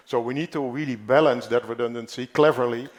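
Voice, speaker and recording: A man on a conference panel makes his case firmly. His voice sits at an everyday middle pitch, and his delivery is steady and explanatory. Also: a little fast. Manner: assertive, explanatory. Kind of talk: panel discussion.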